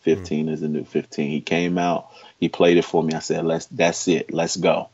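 Deep-voiced man telling a story emphatically. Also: flat delivery, normal speed, darkish tone, slightly rough. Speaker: interview guest. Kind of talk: casual storytelling. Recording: dull lo-fi sound.

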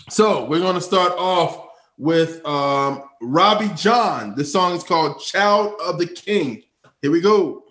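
A man hosting a casual music show, relaxed and slangy, laughing easily. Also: sits high, reverberant. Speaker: show host. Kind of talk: casual chat.

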